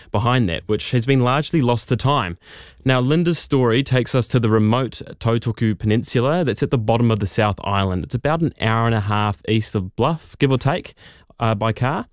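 A man's voice: medium pitch, dry recording, studio quality. A man, a radio producer telling a story in a chatty, informal way. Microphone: studio microphone.

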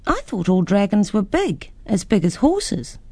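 A woman voicing an eager, curious young girl who asks lots of excited questions. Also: mid-range voice, unhurried, no room sound, pitched above the performer's own voice.

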